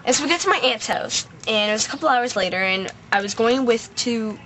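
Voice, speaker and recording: A woman's voice: a little high, animated, brisk, a bit bright, a little hiss or hum. A teenage girl ranting casually to camera, chatty and rambling, full of "like" and "I was like" as she tells a story outdoors. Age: teens. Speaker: vlogger.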